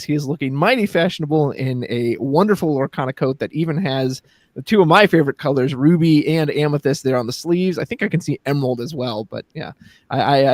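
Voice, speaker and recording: A man's voice: fairly high pitch, no room sound. A man casting a live card game tournament, introducing a player in a playful, upbeat way. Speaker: caster.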